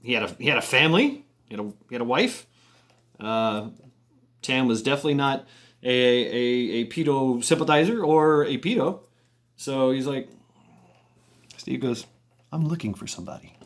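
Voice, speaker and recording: A man's voice: mid-range voice, moderate pace, long pauses, fairly bright tone. Rambling male storyteller who swears casually. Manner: rambling, many restarts, swearing, chuckles.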